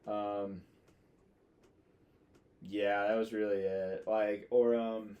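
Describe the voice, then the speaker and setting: A man's voice: lowish voice, little pitch movement, very slow, highs cut off. A young man in his twenties, a podcast guest, telling casual stories with lots of fillers and swearing. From United States. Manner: rambling, filler-heavy, swears freely. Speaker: podcast guest, Marine officer. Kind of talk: casual storytelling chat.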